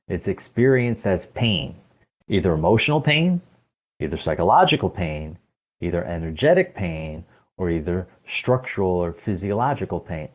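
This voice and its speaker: A man's voice: sits low, very animated, moderate pace. Emphatic man on a tinny phone line. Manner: emphatic, asks rhetorical questions. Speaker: podcast guest, stress coach. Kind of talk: explanatory interview talk.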